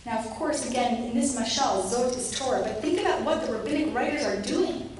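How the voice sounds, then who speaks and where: Female lecturer, high voice, animated delivery, distant mic in a very echoey room. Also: brisk. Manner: lively, acts out quoted voices with rising pitch. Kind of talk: academic lecture. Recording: roomy echo, distant mic, faint noise.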